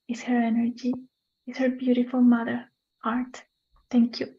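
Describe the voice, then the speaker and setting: A woman leading an online workshop speaks softly and with gratitude, pausing to find her words in an even, level tone. Her voice is fairly high and comes through a muffled, dull call line. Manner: soft, slow, grateful, searching for words. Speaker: workshop facilitator. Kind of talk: warm reply to a participant. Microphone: video call. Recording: dull video call audio.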